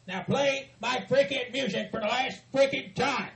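A man hosting a podcast, ranting and cursing in a comedic wrestling-promo style with shouted threats. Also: very high-pitched, moderate pace, creaky, low-quality recording. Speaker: podcast host.

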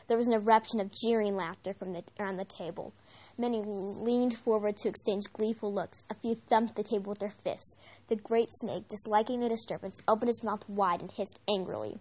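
A woman narrating a novel aloud in an amateur reading, measured, with occasional slips and restarts. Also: medium pitch, a little mellow, highs cut off. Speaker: audiobook reader.

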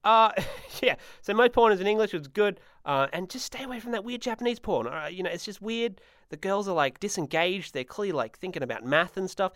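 A man's voice: sits high, animated, a little fast, a bit bright, no echo, clean studio sound. A young man hosting a solo comedy podcast, rambling and self-mocking, with sudden silly sung bits. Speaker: podcast host.

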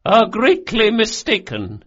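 Man doing a high, cold-voiced old noblewoman, commanding and sharp, audiobook character, lo-fi sound. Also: big pitch swings, slow pace, breathy edge, full character voice. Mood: cold, indignant. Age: older. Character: aged imperious noblewoman spymaster. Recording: dull lo-fi audiobook recording.

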